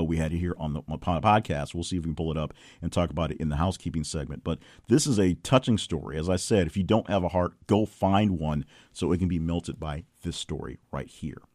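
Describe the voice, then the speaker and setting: A man's voice: low-pitched, a little fast, a little mellow, dry recording, studio quality. A male podcast host reading news headlines and adding wry, playful asides. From Southern US.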